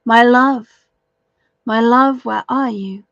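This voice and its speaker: A woman storyteller voicing a devoted young noblewoman, speaking earnestly and a little higher. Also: takes it slowly, vocal fry, a little mellow, husky, no room sound, exaggerated voice. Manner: earnest and urgent. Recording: dull, dry lo-fi recording.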